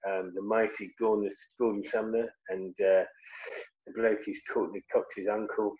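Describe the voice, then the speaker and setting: A man's voice: fairly low pitch, little pitch movement, normal speed, a little mellow, slightly rough, lo-fi sound. A man co-hosting a music podcast, joking and rambling in casual chat. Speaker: podcast co-host.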